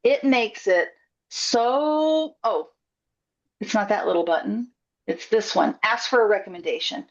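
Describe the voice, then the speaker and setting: A woman's voice: mid-range voice, measured pace. A woman coaching a small group on a video call, upbeat and encouraging, chatty with a few fillers. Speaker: workshop coach. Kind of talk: online group coaching session. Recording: dull lo-fi call audio.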